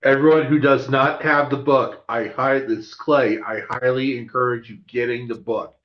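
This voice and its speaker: A man joins in briefly to enthusiastically endorse the host's book, and he is louder than the host. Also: medium pitch, fairly even intonation, normal speed, dull audio.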